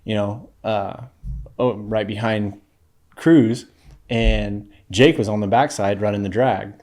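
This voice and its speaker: Male podcast guest, California-raised ex-athlete, relaxed storyteller who laughs a lot. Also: lowish voice, slow. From California, USA. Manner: laughs often while telling stories, loose and easygoing. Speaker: podcast guest, former pro football player. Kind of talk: casual interview storytelling.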